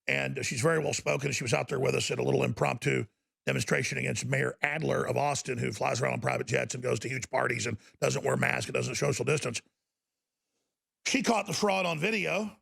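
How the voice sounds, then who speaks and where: A man's voice: medium pitch, brisk, fairly bright tone. A male talk show host delivering a fervent, ranting radio monologue with mocking asides. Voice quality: gravelly.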